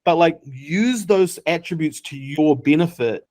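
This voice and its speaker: Man, New Zealand accent, startup founder, interview guest, lively storyteller, slightly high pitch. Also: a little slow. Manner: animated storyteller, acts out quoted dialogue. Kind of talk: casual interview talk.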